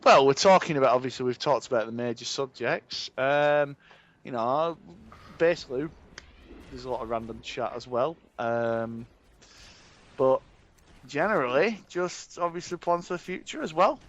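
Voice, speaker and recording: A man's voice: mid-range voice, expressive, normal speed, a bit bright, dull audio. A man co-hosting a casual podcast, chatty and full of fillers. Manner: chatty, leans on "obviously" and "um". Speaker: podcast co-host.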